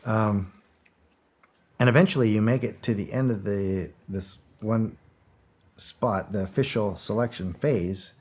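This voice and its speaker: In a casual interview, a middle-aged guest who once served as a soldier tells stories in a voice on the low side, a little slow, a little mellow and slightly rough. He rambles and repeats words, swears freely, and dramatizes the lines of dialogue he quotes.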